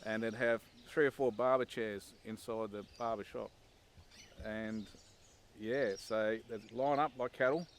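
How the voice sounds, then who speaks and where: Speaking at a measured pace in a low, steady voice, a man shares wry, casual anecdotes about his army training for a documentary. He leans on frequent "um"s and "and"s as the former recruit being interviewed, and there's a slight hiss or hum.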